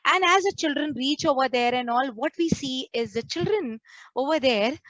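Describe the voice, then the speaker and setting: A woman's voice: high voice, expressive, moderate pace, fairly bright tone, no echo, lo-fi sound. A woman, a nun preaching a sermon to a prayer group and acting out the complaints she quotes. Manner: earnest, acts out quoted complaints.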